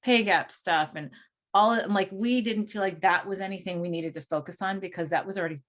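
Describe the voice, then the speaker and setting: Speaking a little fast in a medium-pitched voice, this middle-aged woman co-hosts a spiritual podcast and coaches. Her casual talk wanders as she muses aloud, frequently starting her thoughts over.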